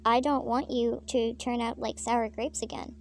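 A woman's voice: a little high, fairly even intonation, normal speed, a little mellow, a little hiss or hum, lightly acted. Preachy bossy girl, dismissive, level delivery, woman reading. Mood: stern.

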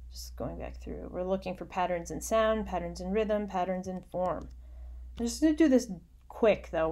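A woman teaching a recorded poetry lesson, explaining patiently and muttering quiet asides to herself while she annotates on screen. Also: on the low side, slight background noise.

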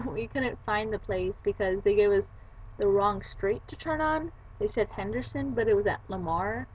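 A young adult woman, a book vlogger, chats casually about her day, retelling it with quoted voices. Her mid-range voice is husky and moves at a moderate pace, and the recording has its highs cut off.

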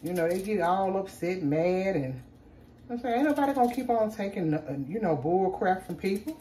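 A woman's voice: medium pitch, animated, a little fast, warm tone, roomy sound. A woman casually chatting to her viewers as she cooks in her home kitchen. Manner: chatty, talks straight to viewers as "y'all". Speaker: cooking vlogger. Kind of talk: casual chat while cooking. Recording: distant mic with noisy kitchen background.

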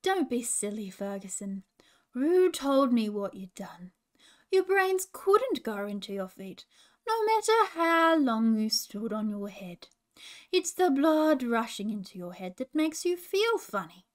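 A woman's voice: a little high, very animated, a little slow. A woman doing a giggly, chirpy owl. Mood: teasing. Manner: bright, loud and laughing.

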